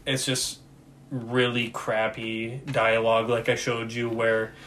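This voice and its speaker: A man's voice: medium pitch, monotone, takes it slowly, fairly bright tone, slight background noise. Rambling casual man telling a story. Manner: rambling, filler-heavy storytelling. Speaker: podcast co-host. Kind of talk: casual movie review chat.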